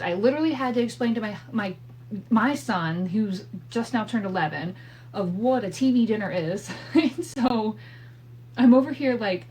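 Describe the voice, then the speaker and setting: A woman's voice: on the high side, lively intonation, moderate pace, a little mellow, poor audio. Candid, swearing woman podcast host. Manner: candid and profane, with frequent asides and laughs. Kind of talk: casual storytelling monologue. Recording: faint hum from a home setup.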